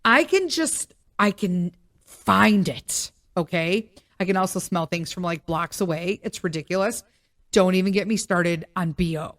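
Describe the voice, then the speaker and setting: A middle-aged woman hosting a podcast alone, chatting in an animated, joking way with loud emphatic asides, her voice still recovering from being sick. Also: on the low side, unhurried. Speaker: podcast host. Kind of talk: casual solo podcast monologue.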